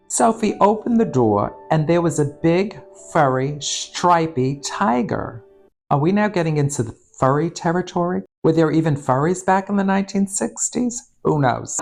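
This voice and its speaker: A man's voice: fairly high pitch, animated, normal speed, gravelly, darkish tone, soft background music. A middle-aged man in drag, reading a children's picture book aloud with campy, sardonic, bawdy asides. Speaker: storytime host and drag performer.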